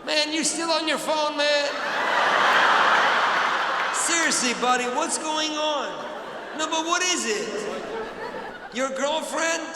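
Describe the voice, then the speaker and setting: A man doing stand-up crowd work in a large theatre, teasing audience members loudly and often shouting. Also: extremely high pitch, slow pace, pauses often, very noisy. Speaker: stand-up comedian. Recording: echoey hall, loud crowd.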